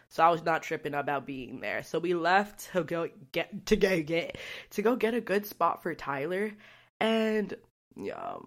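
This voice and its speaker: A young woman talks straight to her viewers in a loose, rambling vlog style. Her voice sits a little low for a woman, and she swears freely and keeps dropping in "like" as she goes. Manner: chatty, profane, rambling storytelling with frequent fillers. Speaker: vlogger. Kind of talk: casual vlog chat.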